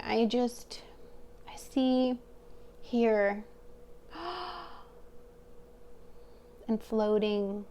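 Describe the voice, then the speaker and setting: A woman's voice: on the high side, fairly even intonation, extremely slow, long pauses, mellow, slight background noise. A woman giving a pick-a-card tarot reading to her viewers, talking in a hesitant, searching, heartfelt way. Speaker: tarot reader.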